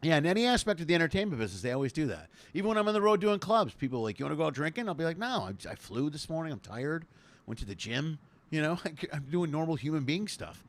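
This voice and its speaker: A man hosting a casual comedy interview over a video call, joking and excitable, jumping from loud bursts to low mutters. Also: fast talker. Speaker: comedian host of a video chat show.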